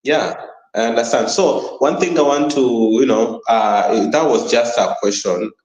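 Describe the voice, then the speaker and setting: A man with an African accent hosting a casual interview, calm and affirming, often saying "you know". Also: medium pitch, unhurried, reverberant, low-quality recording. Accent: African English. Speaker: interview host.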